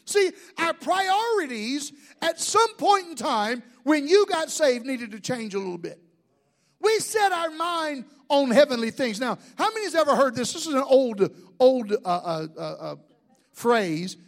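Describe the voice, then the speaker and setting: A man's voice: extremely high pitch, sing-song, unhurried. A middle-aged man preaching a sermon as pastor, folksy and joking, asking the crowd questions.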